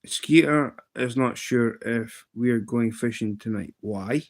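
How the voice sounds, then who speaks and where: A Scottish man in his thirties, chatting casually on a livestream and telling a rambling story, with sudden pitch jumps when he mimics other people. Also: unhurried. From Scotland. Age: 30s. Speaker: live streamer.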